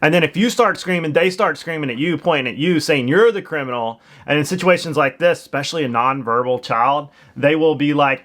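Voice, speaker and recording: A man's voice: fairly high pitch, a little fast, few pauses, fairly bright tone. Man casually explaining scam tactics. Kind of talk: commentary reacting to a clip.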